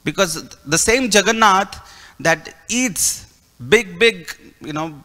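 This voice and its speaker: A man's voice: a little high, pushed and bright. A man preaching in a temple hall, telling a story and acting out its dialogue with animation. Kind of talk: storytelling sermon.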